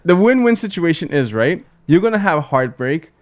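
A man talking sports casually, pressing his argument with playful teasing. His voice sits a little higher than most men's. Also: very animated, moderate pace.

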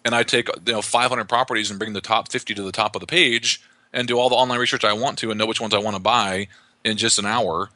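Male real estate investor guest, quick, sharp-toned, rambling explainer. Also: on the low side, no room sound. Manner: fast, animated explainer with frequent restarts. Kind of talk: conversational podcast interview.

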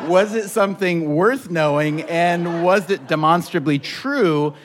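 A man's voice: fairly high pitch, unhurried. A man hosting a live storytelling show on stage, wry and lightly teasing as he introduces guests and runs the vote. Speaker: host. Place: stage before a live audience.

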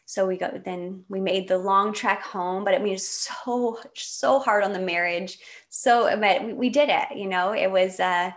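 A woman in her late thirties from Canada, a guest telling a personal story in a candid, animated way, with laughs and restarts. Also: medium pitch, measured pace, hardly any pauses. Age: 30s.

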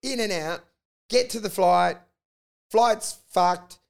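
Profane man telling animated stories. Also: sits high, slow pace, vocal fry. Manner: profane, animated storytelling with acted-out quotes. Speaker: comedian. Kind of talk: casual storytelling chat.

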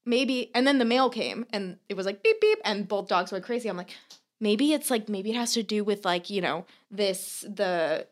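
A young woman co-hosting a podcast, telling a long, animated anecdote in casual chat, full of fillers and swearing. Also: medium pitch, normal speed. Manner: animated storyteller, filler-heavy, swears freely. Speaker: podcast co-host.

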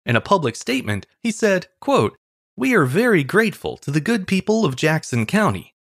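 A man's voice: a little high, fairly bright tone, no room sound, studio quality. A man hosting a history podcast, reading a scripted story in a wry, storytelling way. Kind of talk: scripted narration.

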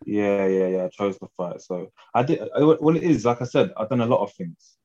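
A man's voice: on the low side, lively intonation, brisk, mellow, dull audio. A young English man talking as a guest fighter in a casual interview, laid-back and slangy, often laughing.

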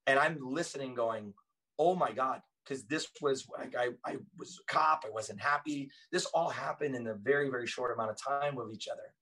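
An earnest man tells stories as a guest in a relaxed conversation. His voice is mid-pitched and sits a little back from the mic. He talks with emphatic conviction. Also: brisk, hardly any pauses, distant mic, poor audio. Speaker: podcast guest, author and former police officer. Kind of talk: casual storytelling conversation.

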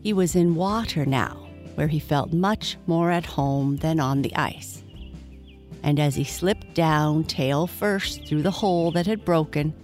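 A woman reading a bedtime story aloud, gentle and measured. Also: low voice, faint music behind.

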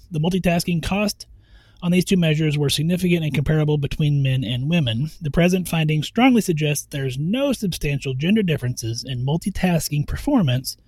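A man co-hosting a podcast, casually chatting and reading out study findings in a steady, matter-of-fact way. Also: on the high side, dry recording. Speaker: podcast co-host.

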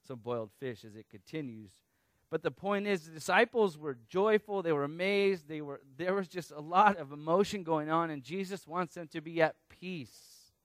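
A man preaching a sermon, teaching through a Bible passage in a conversational, animated way with casual asides. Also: mid-range voice, no room sound. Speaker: pastor.

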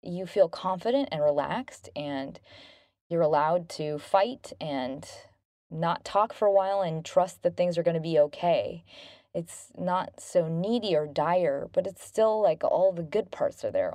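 A woman in her thirties hosting a self-help podcast, talking gently and earnestly about relationships. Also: lowish voice, a little slow, no echo. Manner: gentle, earnest, bubbly when thanking listeners. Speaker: podcast host.

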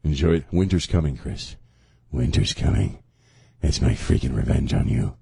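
A man's voice: extremely low pitch, lively intonation, normal speed, creaky, mellow, a little hiss or hum. A male radio host in casual on-air banter, teasing and sarcastic, often laughing. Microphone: studio microphone.

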